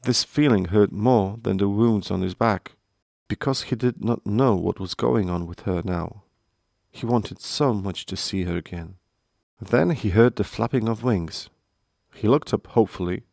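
A man narrating a storybook in a measured, earnest way. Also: fairly low pitch, vocal fry, darkish tone, no room sound, clean studio sound.

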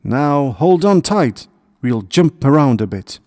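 A big gentle male deer from a storybook talks in a friendly, reassuring way, as a man puts him on. His voice is mellow and dry, close to the mic. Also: fairly low pitch, lively intonation, unhurried, dry recording. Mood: kind. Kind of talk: storybook character voice.

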